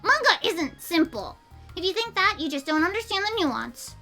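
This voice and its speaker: Woman voicing a feisty young girl character, bright high voice, quick to take offense. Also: expressive, faint music behind, exaggerated voice. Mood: defensive. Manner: indignant, sharp, loud. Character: sassy young girl Natsuki, defensive and blunt.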